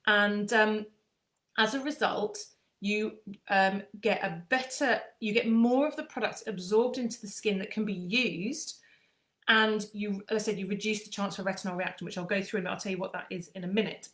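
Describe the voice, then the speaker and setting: A woman's voice: medium pitch, fairly even intonation, normal speed, a bit bright, reverberant. Chatty woman explaining skincare. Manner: chatty, with frequent ums and restarts. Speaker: skincare aesthetician.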